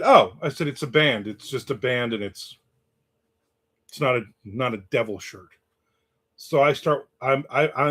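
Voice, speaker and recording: Animated man telling a story. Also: fairly high pitch. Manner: storytelling, reads out chat comments. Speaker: host. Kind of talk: casual livestream chat. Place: in the American South.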